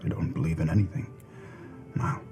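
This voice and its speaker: A man playing a wizard in a tabletop game, talking in character in a halting, hesitant way with many restarts. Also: a bass voice, fairly even intonation, mellow, faint music behind. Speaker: player voicing a wizard character. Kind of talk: in-character tabletop role-play.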